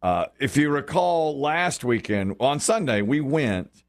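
A middle-aged man hosting radio talk tells a story with a lively voice that swings up and down. His pitch sits in a middle range, and he acts out the people he quotes. The talk stays loose and chatty. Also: takes it slowly. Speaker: radio show host. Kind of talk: casual on-air chat.

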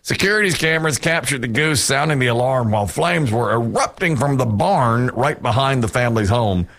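A man's voice: mid-range voice, brisk. A man hosting a radio show, chatting casually and joking, often laughing. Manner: jokey, animated, laughs often. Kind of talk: casual chat.

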